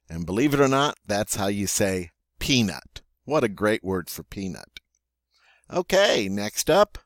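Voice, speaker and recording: A man teaching French vocabulary, playful and joking, saying each word slowly and twice before giving its meaning. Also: low voice, animated, no echo, clean studio sound. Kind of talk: vocabulary lesson.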